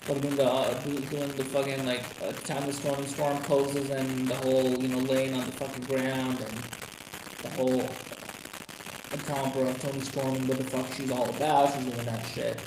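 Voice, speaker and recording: A man ranting on a casual live stream about wrestling, swearing constantly and rambling with sudden excited outbursts. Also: medium pitch, normal speed. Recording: echoey room with noisy background.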